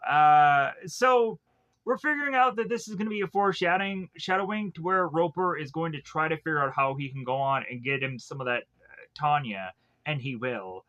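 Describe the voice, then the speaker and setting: A man's voice: a little high, moderate pace, a bit bright. A man recapping a film plot in a loose, casual way, full of fillers and self-corrections, paraphrasing what the characters say. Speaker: film reviewer.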